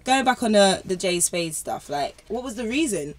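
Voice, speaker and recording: A woman's voice: mid-range voice, big pitch swings, normal speed, slight background noise. Giggly British woman asking questions. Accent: British English. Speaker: interviewer. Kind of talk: casual interview.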